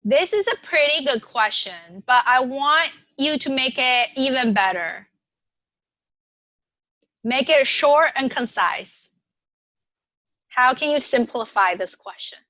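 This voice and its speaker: A woman leading an online workshop, talking casually, reading participants' suggestions aloud and warmly affirming them. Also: high-pitched, expressive, slow pace, pauses often, dry recording. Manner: conversational, with frequent fillers and restarts. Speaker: workshop presenter.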